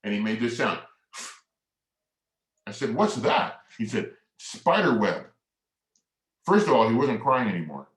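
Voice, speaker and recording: A man presenting a family workshop, telling a story in a lively way, acting out quotes and leading the audience in movements. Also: lowish voice, moderate pace, long pauses. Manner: animated storyteller who acts out quotes and leads the audience in movements. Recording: echoey room.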